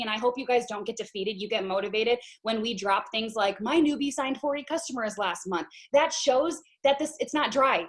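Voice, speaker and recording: A woman leading a sales team on a video call, giving a lively pep talk and addressing the group as "you guys". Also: a little high.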